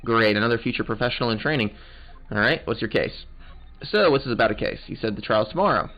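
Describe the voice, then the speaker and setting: A let's play host with a medium-pitched voice talks fast while playing a game and voicing it, joking loosely. The audio is muffled, with game music behind him.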